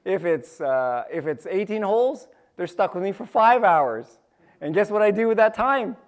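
A man's voice: sits high, animated, normal speed. A man preaching a sermon in a conversational, storytelling way, often asking his listeners questions and repeating phrases for emphasis. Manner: repeats phrases, restarts sentences.

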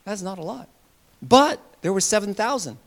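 Pastor, male, slightly high voice, animated sermon delivery, loud bursts and soft asides. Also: normal speed.

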